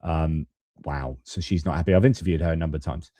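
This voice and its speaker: A man's voice: extremely low pitch, fast talker, warm tone, dry recording. A man hosting a live stream of off-the-cuff political commentary, with loose talk and restarts. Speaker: host.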